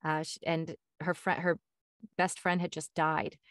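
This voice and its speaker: A woman's voice: deep voice, measured pace, no room sound. Enthusiastic woman host, dry sound. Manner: enthusiastic, animated storytelling. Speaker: podcast host. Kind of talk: casual interview chat.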